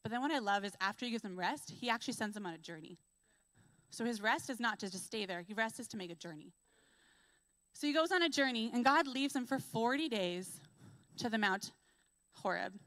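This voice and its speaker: A young adult woman giving a church sermon, telling stories in a lively way and acting out what people say. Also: fairly high pitch, dry recording. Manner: lively storytelling, acts out quotes. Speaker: preacher.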